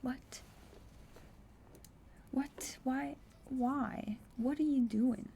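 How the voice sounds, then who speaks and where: A young woman streaming herself playing a text adventure, reading the story text aloud quickly and breaking in with blunt, incredulous asides and the odd swear. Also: high voice, gravelly, dark tone, slight background noise. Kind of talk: casual live-stream commentary, reading game text aloud.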